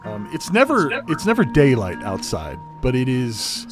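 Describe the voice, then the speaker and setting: Male game master, rambling, lively pitch, guitar music behind. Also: measured pace. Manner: loose, rambling with many fillers. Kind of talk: narrating a tabletop game.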